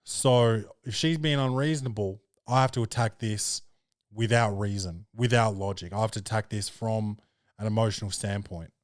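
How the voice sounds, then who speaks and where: A man's voice: lowish voice, normal speed, no echo, studio quality. A young man, a podcast host and comedian, chatting casually in a loose, slangy, jokey way.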